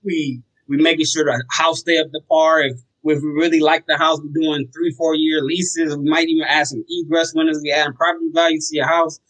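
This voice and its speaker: A man with a slightly high voice talks about running sober homes in relaxed, slangy podcast chat. He keeps returning to short stories and acts out the lines of other people. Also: fairly quick, few pauses, rough recording. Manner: relaxed, slangy, tells stories with acted quotes. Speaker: guest, sober home operator. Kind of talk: casual podcast talk.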